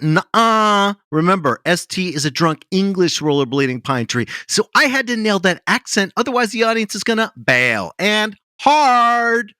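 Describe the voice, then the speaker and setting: A man in middle age holds forth as a pompous improv teacher, rambling and bossy in a deadpan, mock-serious tone. His voice sits fairly high and bright, swinging widely up and down, and the sound is close and dry. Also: dry recording. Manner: bossy, rambling, self-important. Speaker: comedian guest.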